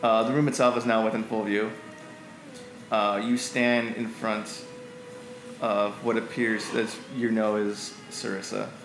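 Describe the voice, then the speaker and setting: A man running a tabletop game as game master, narrating in a halting way with many fillers. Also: lowish voice, level tone, reverberant, over music, poor audio.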